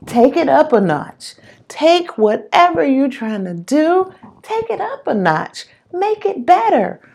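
A woman's voice: sits high, darkish tone, breathy edge. A woman giving an earnest, encouraging motivational monologue and repeating phrases for emphasis.

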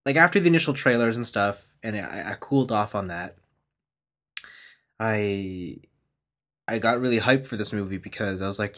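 A man's voice: lowish voice, expressive, moderate pace, pauses often, a bit bright. A man co-hosting a podcast, talking casually and agreeably about a film. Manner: agreeable, frequent "yeah" backchannels. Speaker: podcast co-host. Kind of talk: casual chat.

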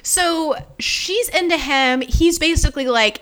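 A woman's voice: on the high side, lively intonation, brisk, fairly bright tone. A woman in casual podcast chat, retelling events in a gossipy way with frequent "like". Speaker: podcast co-host or guest.

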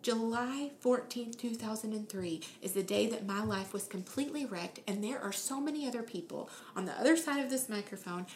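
A woman's voice: on the high side, a little fast, hardly any pauses, darkish tone, reverberant, a little hiss or hum. A woman in her thirties sharing a personal faith testimony in earnest, emotional storytelling, acting out the quoted voices of others.

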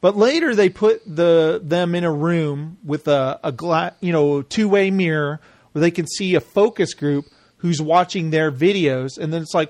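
A man with a high voice chats casually as a podcast co-host, laughing often and slipping into mock voices as he retells scenes. The sound is dry and close, with no room around it. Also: moderate pace, no room sound. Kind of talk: casual chat recapping a reality show.

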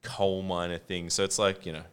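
A man's voice: sits low, flat delivery, normal speed, a bit bright, smooth. A man in casual chat, telling loose rambling anecdotes and swearing.

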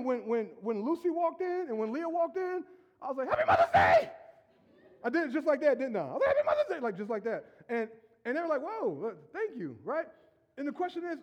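A middle-aged man preaching to his church in a strikingly high voice. His pitch leaps and swoops constantly as he jokes, acts out little scenes and breaks into shouts. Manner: animated, joking, acts out quotes and shouts. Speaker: pastor. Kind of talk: lively sermon.

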